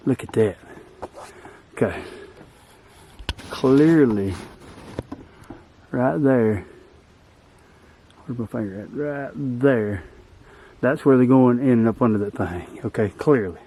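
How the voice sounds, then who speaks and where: Medium in pitch, this man's voice comes through with background noise as he films an outdoor vlog by a swampy creek. He rambles casually and pokes fun at himself in a folksy way, breathless from shoving a boat across, with the camera set up close by.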